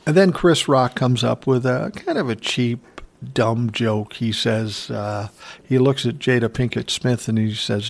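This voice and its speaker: A man casually retelling an event in unhurried, profane commentary, chuckling now and then. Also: medium pitch, vocal fry.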